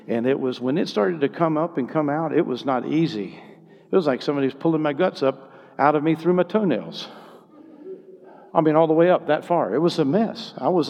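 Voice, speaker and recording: A man preaching a sermon with passion, his voice swinging between hushed, tender stretches and loud, soaring exclamations. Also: on the high side, highs cut off. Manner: impassioned, swinging from hushed to shouting. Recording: long hall reverb.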